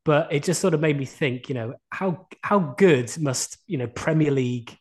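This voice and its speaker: A man's voice: a little high, normal speed. A young man from the UK co-hosting a podcast, telling a rambling, self-deprecating story and laughing often. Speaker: podcast co-host. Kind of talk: casual chat.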